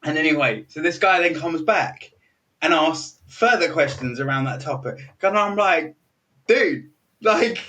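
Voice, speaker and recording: A young British man with a fairly high voice spins a rambling anecdote, stuffed with fillers and quoted voices. He laughs his way through it. He sits a little back from the microphone. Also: normal speed, pushed and bright. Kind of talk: casual anecdote telling. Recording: voice a bit distant from the mic.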